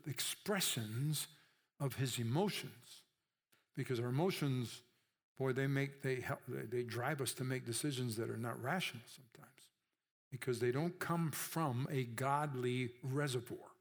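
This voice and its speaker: A man preaching a sermon in a conversational way, often checking in with his listeners and acting out the voices he quotes. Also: mid-range voice.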